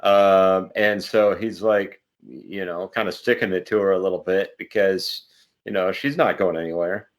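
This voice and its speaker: Low-voiced man, hesitant and musing. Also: fairly even intonation, normal speed. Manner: hesitant, many ums and I-don't-knows. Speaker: podcast co-host. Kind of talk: casual chat.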